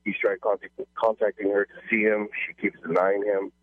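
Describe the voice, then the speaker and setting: A man's voice: lowish voice, little pitch movement, a little fast. A male caller on a radio show, polite and a bit hesitant as he explains his brother's problem over the phone. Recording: tinny phone line.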